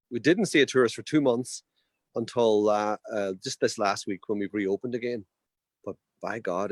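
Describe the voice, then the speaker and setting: A man's voice: fairly low pitch, dry recording. A man, a hotel owner in the Alps, chatting as a guest on a video call, rambling and correcting himself as he tells his story. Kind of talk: casual video chat.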